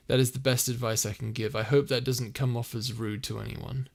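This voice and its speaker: A man's voice: medium pitch, flat delivery, a little fast, vocal fry, few pauses. Easygoing young man chatting on a stream. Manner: easygoing, rambling, many fillers and restarts. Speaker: streamer and audio roleplay creator. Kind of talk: casual live-stream chat, reading comments. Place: a house, indoors.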